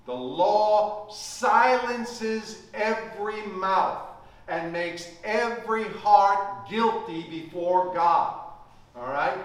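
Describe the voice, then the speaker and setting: Preacher guy, high voice, slow and emphatic, big echoey church sound from far off mic. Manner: emphatic, slows to stress key words. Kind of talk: sermon.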